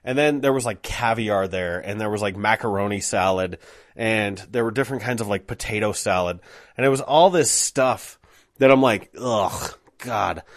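A man's voice: on the low side, normal speed, dry recording, studio quality. A man telling a rambling, self-deprecating story in a casual way, with many fillers.

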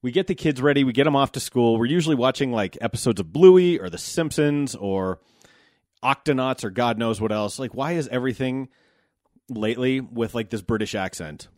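A man's voice: medium pitch, normal speed, darkish tone, dry recording, studio quality. A man in his thirties from the United States, a podcast host talking casually about his day in a loose, wry, profane way. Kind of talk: casual monologue.

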